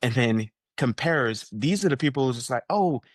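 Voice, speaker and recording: A man speaking as an interview guest, with a middle-pitched voice in a dry, close setting. He brings in quoted people with lively put-on voices as he explains his ideas. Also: brisk, dry recording. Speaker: guest coach. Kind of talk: conversational interview.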